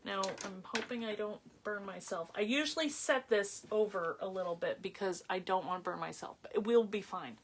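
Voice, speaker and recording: A woman runs a casual live craft tutorial from her craft table, recorded on a phone. She talks in a mid-range voice, chatty and relaxed, thinking aloud and greeting viewers by name while she works. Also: medium pitch, moderate pace, hardly any pauses, husky. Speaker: craft demonstrator hosting a livestream.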